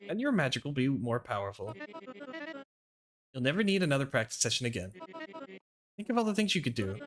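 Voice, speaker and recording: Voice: medium pitch, fairly bright tone. A role-player voicing a witch teacher who begs for help with her coven's ritual, pleading one moment and coldly insistent the next. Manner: begging, flustered, then coldly insistent. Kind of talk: tabletop role-play.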